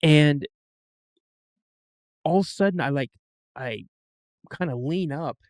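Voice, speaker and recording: A man as a podcast guest, telling a story in a casual, animated way and acting out the voices of the people he quotes. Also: a little high, slow pace, no room sound.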